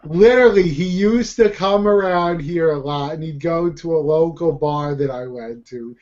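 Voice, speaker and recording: A man's voice: a little high, moderate pace, a little mellow, muffled recording. A man from Brooklyn with a New York accent, telling stories in a laid-back way as a podcast co-host. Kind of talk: casual chat.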